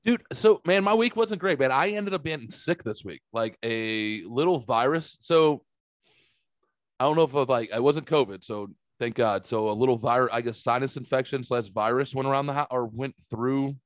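A man in his forties, a podcast host telling casual stories in an animated way, swearing freely and jumping higher when excited. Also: moderate pace, dry recording. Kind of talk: casual storytelling chat.

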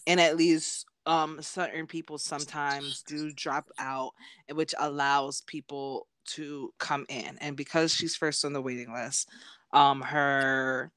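Animated young woman, dry close sound. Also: low voice, no echo. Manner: animated, acts out characters' lines in quick voices. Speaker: podcast co-host. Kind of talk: casual chat.

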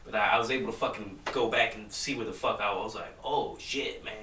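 Young man, casual storyteller, heavy swearing, bright voice, echoey room, distant mic. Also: on the low side, steady tone, a little fast. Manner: profane, rambling storytelling. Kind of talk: casual chat.

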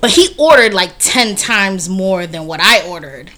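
A woman in her thirties telling dating stories in casual chat, animated, laughing and swearing freely. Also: mid-range voice, a little slow. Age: 30s.

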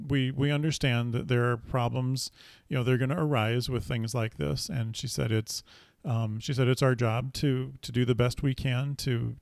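Casual male storyteller, gravelly and halting, full of fillers, recorded dry. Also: medium pitch, a little mellow, dry recording. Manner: rambling, full of fillers and restarts.

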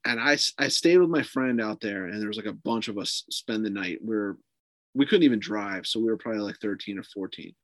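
A man's voice: fairly low pitch, a little fast, no room sound. A man, a podcast guest, casually tells a long ghost story with lots of swearing and fillers. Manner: profane, animated, lots of fillers.

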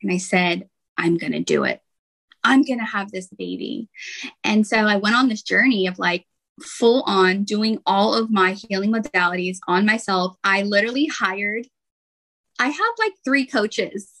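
A woman guest on a podcast interview, telling her own story in a candid, animated way and talking in long runs. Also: medium pitch, unhurried, vocal fry, poor audio. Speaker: guest, intuitive healer.

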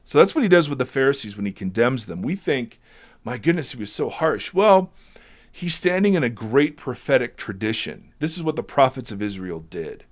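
A man talking about Jesus and scripture in a relaxed conversation, emphatic, sometimes teary and emotional. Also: mid-range voice. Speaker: Bible teacher in discussion. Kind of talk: conversational Bible discussion.

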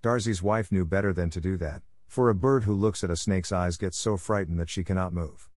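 A man reads a classic story aloud in a steady, clear manner for English learners. His voice is fairly low. The recording is dry and close, with no room sound. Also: brisk, no room sound. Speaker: audiobook narrator.

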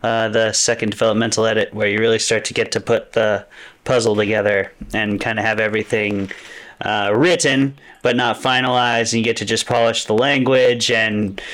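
A man's voice: medium pitch, fairly bright tone. A man co-hosting a podcast, talking casually and eagerly about his work. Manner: enthusiastic, explanatory, laughs easily. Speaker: podcast co-host. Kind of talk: casual chat.

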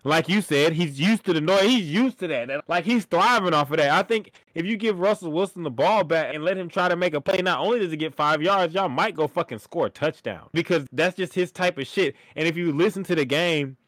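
A man's voice: fairly high pitch, brisk, hardly any pauses, fairly bright tone, no room sound. A man co-hosting a sports podcast, ranting animatedly and swearing freely about a coaching decision. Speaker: podcast co-host. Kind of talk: heated sports talk.

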